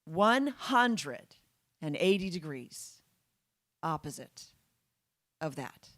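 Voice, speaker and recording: A woman's voice: low-pitched, sing-song, drawn-out words, fairly bright tone, no echo, clean studio sound. A woman giving a public talk to an audience, emphatic and full of rhetorical questions. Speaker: guest speaker.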